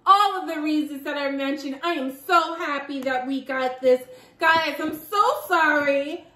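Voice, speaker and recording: Giggly high-voiced woman vlogger. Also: a little slow, pushed and bright, reverberant. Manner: chatty and giggly, talks to viewers. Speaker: beauty vlogger. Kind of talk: casual unboxing chat.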